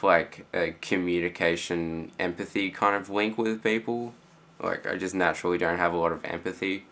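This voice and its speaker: A teenage boy with an Australian accent, rambling casually in a vlog reply with lots of fillers and quiet trailing-off phrases. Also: deep voice, vocal fry. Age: teens. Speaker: student vlogger.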